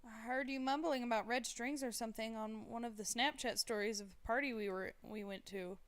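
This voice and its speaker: A woman voicing a teasing, bookish young male college student in a live story reading, playful and halting, trailing off mid-word. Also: a little high, natural voice.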